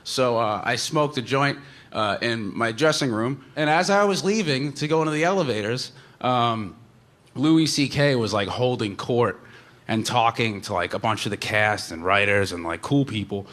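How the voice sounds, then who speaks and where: A man's voice: mid-range voice, moderate pace, fairly bright tone. A man telling a comic story in a casual, rambling way, full of "like" and "you know.".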